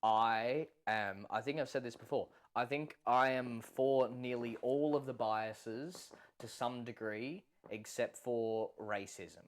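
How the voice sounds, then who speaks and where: Aussie bloke co-hosting a podcast, crude slangy laid-back chat. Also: male voice, mid-range voice, takes it slowly, few pauses. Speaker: podcast co-host. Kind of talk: casual chat.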